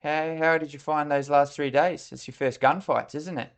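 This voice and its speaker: A man's voice: fairly high pitch, steady tone, moderate pace, pitched above the performer's own voice, natural voice. Man quoting a blunt veteran soldier. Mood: friendly. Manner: casual, friendly, plain-spoken.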